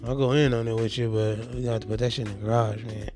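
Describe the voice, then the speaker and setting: A man's voice: medium pitch, fairly even intonation, fast, over music. A man co-hosting a podcast, chatting casually with laid-back, blunt quips. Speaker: podcast co-host. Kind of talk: casual chat.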